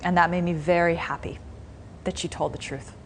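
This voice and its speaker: A woman's voice: lowish voice, steady tone, moderate pace, a little hiss or hum, close to an everyday voice. A woman voicing a blunt, strange old woman in a spoken story told in class. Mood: earnest.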